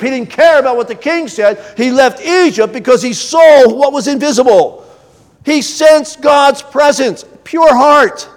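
High-voiced pastor preaching in a reverberant church. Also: male voice. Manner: earnest, rising to emphatic peaks then dropping low. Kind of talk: sermon. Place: church sanctuary.

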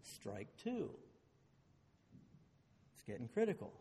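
A man preaching a sermon, swinging between loud emphasis and hushed low phrases, and asking the listeners rhetorical questions. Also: big pitch swings, slow, a little hiss or hum. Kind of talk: expository sermon. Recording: long hall reverb.

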